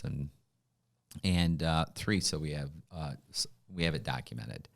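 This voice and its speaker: Very deep-voiced male host chatting. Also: normal speed, creaky. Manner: chatty, agreeable, animated reactions. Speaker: host of a real estate talk show. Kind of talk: casual interview chat.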